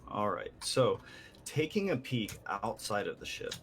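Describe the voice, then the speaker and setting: A man narrating as game master of a tabletop game, slow and rambling with many fillers. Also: lowish voice, very animated, fairly bright tone.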